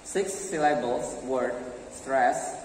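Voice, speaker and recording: A young man with an Indonesian accent presenting a pronunciation lesson to his class, halting and full of fillers. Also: mid-range voice, a little hiss or hum. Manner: slow, halting, with many fillers. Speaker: student presenter. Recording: roomy echo from far off.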